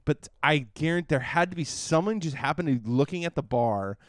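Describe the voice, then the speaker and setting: A man's voice: a little high, expressive, a little fast, no echo. Rambling man telling a crude story. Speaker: podcast co-host. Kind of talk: casual chat.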